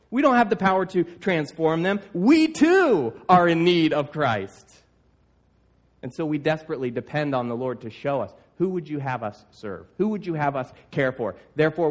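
A male pastor preaching a sermon, emphatic, with stammered restarts and "like, like". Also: fairly high pitch.

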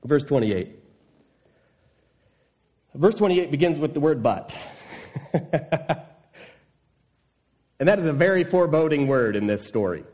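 A man delivers a sermon in a slightly higher-pitched voice. He reads scripture between lively retellings and rises sharply when he voices outrage. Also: unhurried, pauses often. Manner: animated, voices indignant listeners with rising pitch. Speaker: pastor.

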